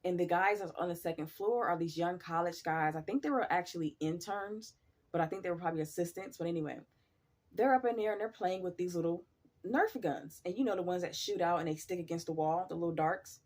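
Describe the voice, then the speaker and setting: A woman's voice: lowish voice, fairly quick, a little mellow. A woman casually telling a story in a blunt, profane, chatty way.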